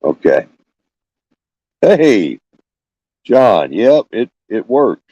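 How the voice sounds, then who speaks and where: An older man, chatting haltingly with many fillers while hosting a live stream from his phone. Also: fairly low pitch, big pitch swings, dark tone, no room sound, highs cut off. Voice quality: scratchy. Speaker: homestead channel host. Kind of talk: casual live stream chat. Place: small room with fans running.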